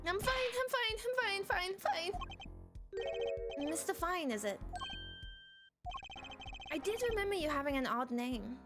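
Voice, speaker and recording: A woman's voice: sits high, big pitch swings, normal speed, pauses often, over music. A woman voicing a nervous, overeager young male rookie lawyer who keeps insisting he's fine. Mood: flustered.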